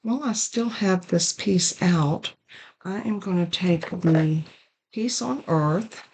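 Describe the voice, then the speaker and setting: This casual craft tutorial features a middle-aged woman showing how to make a card, step by step, in a chatty way. Her voice is on the low side, slow and a little mellow; she coughs and sneezes, apologizing for the cough, over poor audio with slight background noise.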